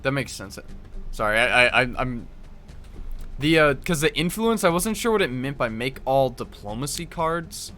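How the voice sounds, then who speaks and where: A man's voice: mid-range voice, very animated, moderate pace, bright, forceful tone, soft background music. A man live-streaming a card game, reading card text aloud and thinking through his moves, often stopping to correct himself. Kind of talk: live gameplay commentary.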